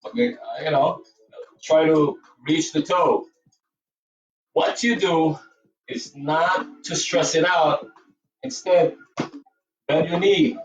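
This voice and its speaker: Slow and full of long pauses, a man with a Filipino Cebuano accent leads yoga and movement in a dance studio, counting, cueing the breath and encouraging students. His voice sits on the high side, recorded in an echoey room from a distant mic with the highs cut off.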